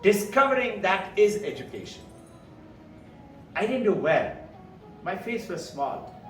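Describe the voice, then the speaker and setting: A man's voice: sits high, unhurried. A man in his seventies from India with an Indian English accent, telling stories to a live audience as a spiritual speaker, acting out the voices of others and chuckling as he goes. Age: 70s. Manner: animated, acts out quoted voices, chuckles. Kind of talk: storytelling talk to a live audience. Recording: echoey hall, distant mic, faint music.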